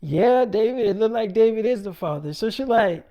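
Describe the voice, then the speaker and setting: A woman's voice: a little high, normal speed, warm tone. A woman telling a dramatic story in a casual, profane way, acting out each line of dialogue with "she's like" and "I'm like".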